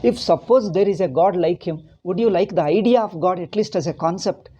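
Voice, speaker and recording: Middle-aged Indian spiritual teacher, warm and husky, preaching with restarts and heat. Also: male voice, sits high, fairly quick, lo-fi sound. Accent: Indian English. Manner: rambling and impassioned, with many restarts. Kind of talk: religious discourse.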